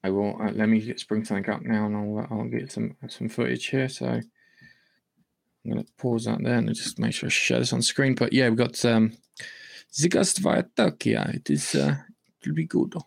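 A man's voice: lowish voice, little pitch movement, fairly quick, creaky. A man hosting a casual gaming news podcast over an online call, rambling with many fillers and restarts and coughing now and then. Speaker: podcast host.

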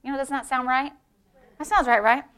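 A woman pastor preaching a sermon, emphatic and building to shouts, calling out to the congregation for responses. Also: high-pitched, steady tone, brisk, clean tone.

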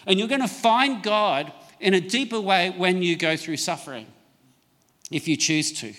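A middle-aged male pastor preaching a sermon, reading scripture slowly for emphasis and calling for amens from the congregation. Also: sits high, a bit bright, long reverb tail. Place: church.

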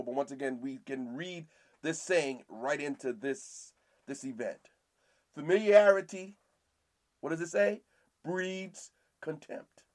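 Guy with a high voice preaching through the bible line by line, keeps repeating stuff and asking amen. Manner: repeats phrases, asks "Amen?" often. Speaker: Bible teacher and podcast host. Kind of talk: verse-by-verse preaching.

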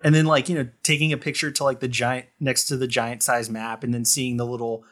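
A man's voice: medium pitch, level tone, a little fast, fairly bright tone. A man talking as a guest on a podcast in a loose, rambling way, full of fillers and restarts. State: choked up. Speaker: guest artist. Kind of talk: casual podcast chat.

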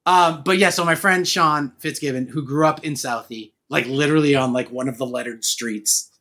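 A man from Massachusetts, an actor, telling animated stories in a casual podcast chat and laughing often. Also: fairly high pitch, moderate pace.

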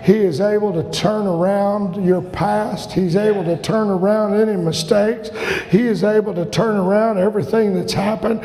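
Fervent high-voiced preacher man, gravelly. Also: steady tone, normal speed. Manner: fervent preaching, often shouting. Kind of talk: sermon. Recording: long reverb of a large hall.

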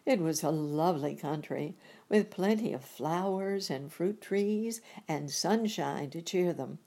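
A woman reading a children's storybook aloud, gentle and unhurried. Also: low-pitched. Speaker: reader. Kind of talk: storybook narration.

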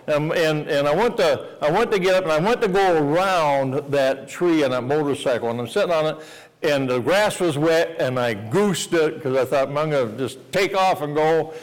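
A preacher man at a revival meeting, spinning a folksy personal story and pressing the crowd with "amen?". His voice sits a little high. It rings out with a long church-hall reverb. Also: moderate pace.

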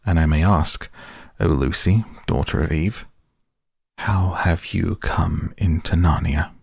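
A man's voice: deep voice, slow, vocal fry, darkish tone, slightly rough, dry recording, studio quality, full character voice. A man voicing a fussy, polite male faun who flusters and repeats himself eagerly. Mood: flustered, eager.

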